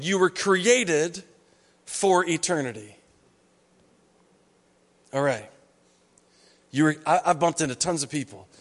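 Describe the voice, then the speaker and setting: A male pastor preaching a sermon in a church hall, talking conversationally and acting out what people say. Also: on the high side. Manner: conversational preaching, acts out quoted voices.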